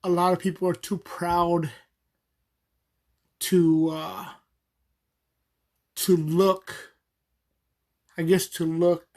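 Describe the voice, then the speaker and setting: A man's voice: sits high, level tone, very slow, long pauses, darkish tone. A man hosting a podcast in a casual, rambling monologue, with many fillers and frequent chuckles. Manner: chuckles often while telling stories. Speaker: podcast host.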